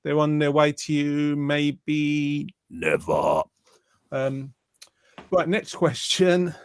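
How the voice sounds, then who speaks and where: A man's voice: a little high, steady tone, takes it slowly, clean tone, no room sound, clean studio sound. A man in his fifties hosting an online quiz in casual chat, joking and rambling with silly asides. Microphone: online video call.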